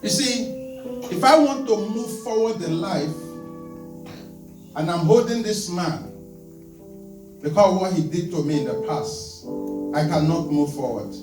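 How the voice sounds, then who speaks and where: Male pastor, very high-pitched, emphatic call-and-response sermon, heard from afar with music underneath. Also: expressive, measured pace, pauses often. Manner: emphatic call-and-response preaching, demonstrating with helpers. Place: church. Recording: echoey church hall from far off, with music. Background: guitar music.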